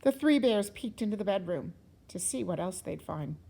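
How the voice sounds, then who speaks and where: A woman teacher reading a children's story aloud in an expressive, sing-song way, sometimes dropping to a whisper. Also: medium pitch, moderate pace, gravelly, slightly rough, rough recording.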